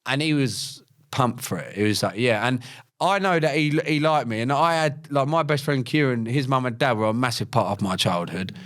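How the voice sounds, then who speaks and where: A young former paratrooper and fighter, appearing as a podcast guest, tells his life story bluntly in slang and swears a lot. His mid-range voice is a bit bright, with lively intonation at a normal speed. It's a casual storytelling interview.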